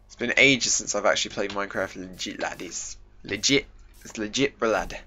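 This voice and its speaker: A man's voice: on the low side, moderate pace, pushed and bright, muffled recording, a little hiss or hum. A young British man hosting a casual game commentary video, chatty and self-mocking, full of jokey asides. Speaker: gaming video host. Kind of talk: casual let's-play commentary.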